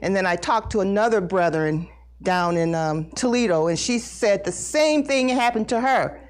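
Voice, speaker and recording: A middle-aged woman giving an emotional personal testimony at a Bible study, earnest and halting, repeating words as she talks. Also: mid-range voice, lively intonation. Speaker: congregation member sharing testimony.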